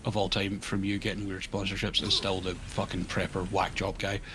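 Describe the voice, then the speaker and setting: A man's voice: low voice, level tone, moderate pace, a crowd in the background. A man co-hosting a game stream, trading dry, wry remarks in casual chat. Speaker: co-host.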